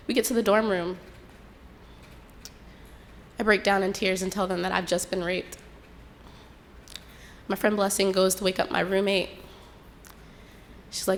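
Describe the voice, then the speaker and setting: A young woman tells her own story in a slow, reflective way, her voice sitting a little low. She shifts into quoted lines as she goes, and a faint hiss of background noise runs beneath her. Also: fairly even intonation, vocal fry. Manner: unhurried, reflective retelling with quoted dialogue. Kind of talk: personal storytelling.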